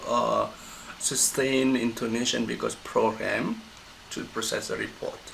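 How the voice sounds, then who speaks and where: A man with a heavily gravelly, creaky voice walks through a pronunciation lesson. He pauses and restarts often as he looks for the right word, and there is a faint hiss under his speech. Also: mid-range voice, little pitch movement, fairly bright tone, low-quality recording. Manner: halting, stops often to find the word. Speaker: English pronunciation teacher. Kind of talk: recorded lesson explanation.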